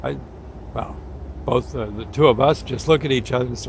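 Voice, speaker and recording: A man's voice: medium pitch, a little fast, creaky, long pauses, darkish tone, a little hiss or hum. A man who once worked on an ambulance crew, telling a story in a folksy, rambling way with chuckles between phrases. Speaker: ambulance crew member recalling a shift. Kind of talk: casual storytelling.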